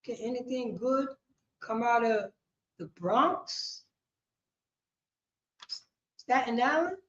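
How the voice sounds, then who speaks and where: A woman teaching a scripture class, preaching with call and response, impassioned and rising to shouts, then dropping low. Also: lively intonation, slow. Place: classroom at a group's headquarters. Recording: roomy, muffled room recording.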